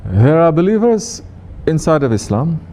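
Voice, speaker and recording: A man's voice: a little high, big pitch swings, moderate pace, mellow. A man with a Turkish accent gives a teaching talk to a congregation, quizzing the audience and teasing them with repeated questions. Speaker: sufi teacher.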